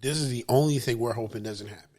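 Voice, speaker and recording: A man's voice: mid-range voice, fast talker, darkish tone. A man co-hosting a podcast in casual chat, joking and teasing the others.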